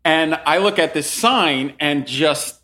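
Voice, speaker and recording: A young adult man telling a story in casual chat, acting out quotes in lively voices. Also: takes it slowly. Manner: animated, acts out quotes with big pitch jumps.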